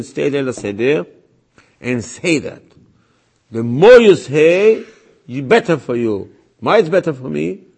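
A man's voice: a little high, a little mellow, slightly rough. A man, a rabbi, giving a religious lecture in an emphatic way, repeating his points and acting out voices he quotes.

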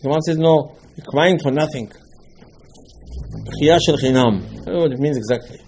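A man teaching a Torah class, animated and full of rhetorical questions, voicing the listener's protests. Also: on the high side, moderate pace, slight background noise. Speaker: rabbi teaching Talmud.

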